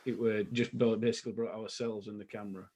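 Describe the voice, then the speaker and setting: Easygoing man in his 30s, relaxed storytelling between chuckles. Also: lowish voice, quick pace, husky. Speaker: podcast co-host. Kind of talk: casual reminiscing chat.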